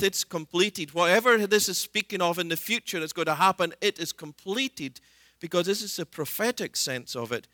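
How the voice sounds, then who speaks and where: A man preaching a sermon with a bright, forceful voice pitched a little high. He talks in an earnest way, retelling scripture scenes and acting out the people in them. The sound is dry and close. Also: animated, moderate pace, no echo.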